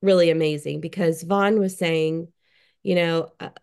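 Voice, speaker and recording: Brief: woman guest, gravelly vocal fry, earnest and admiring, casual talk on a group call. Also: lowish voice, fairly even intonation, unhurried, darkish tone.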